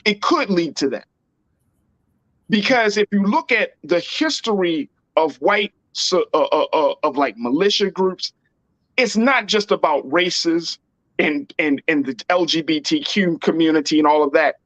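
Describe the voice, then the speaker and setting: A man's voice: fairly high pitch, expressive, unhurried, fairly bright tone, no room sound, dull audio. A man hosting a political talk show, speaking in an emphatic, slangy and repetitive way. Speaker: host.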